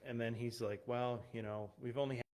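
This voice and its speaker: A man's voice: medium pitch, steady tone, a little fast, a little mellow. A man, a missionary pastor, speaking as a guest in a church, telling personal stories in a conversational way with fillers and restarts. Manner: conversational, many fillers and restarts, laughs at himself. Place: church, streamed online. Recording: unstable internet stream with glitches.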